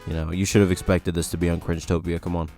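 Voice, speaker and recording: A man hosts a casual commentary video, reacting to posts with wry exasperation and mock warnings. His low-pitched, mellow voice stays level and races along, with faint music behind.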